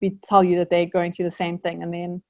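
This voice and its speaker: A woman's voice: fairly low pitch, level tone, brisk, mellow. A young woman from South Africa, an Olympic rower, answering interview questions in an earnest, reflective way with many fillers.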